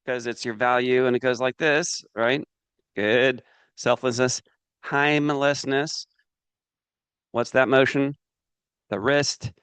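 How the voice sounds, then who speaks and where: A man leading a live business training seminar, energetic and coaxing the audience to join in. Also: mid-range voice, slow pace, pauses often, clean tone, no room sound.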